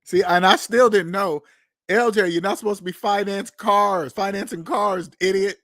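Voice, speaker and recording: A man hosting a casual talk show, telling stories in an animated, profane way, laughing at himself and acting out what others said. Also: high-pitched, moderate pace, no echo, studio quality. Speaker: podcast host. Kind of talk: casual storytelling monologue. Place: Seattle.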